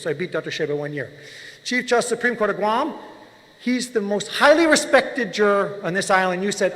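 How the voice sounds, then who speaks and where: A man, a physician, giving impassioned public testimony at a hearing, speaking forcefully and confronting officials directly. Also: high-pitched, big-room sound, poor audio.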